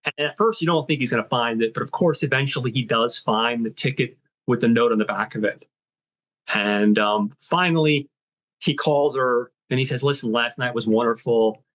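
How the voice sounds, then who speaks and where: A man hosting a film podcast, casually retelling a movie's story with many fillers and quick voiced quotes of the characters. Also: medium pitch, a bit bright. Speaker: podcast host.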